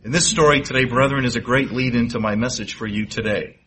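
A man's voice: medium pitch, steady tone, a bit bright, a little hiss or hum, rough recording. A man preaching, telling a moral parable in dramatic storytelling fashion. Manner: dramatic storyteller, rising for suspense and slowing for effect. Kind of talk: sermon storytelling.

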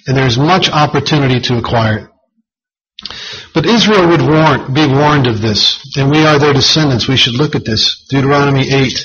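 A man's voice: on the high side, a bit bright. A man preaching a sermon, reading scripture aloud in an earnest, emphatic way. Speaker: pastor. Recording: dull lo-fi sound.

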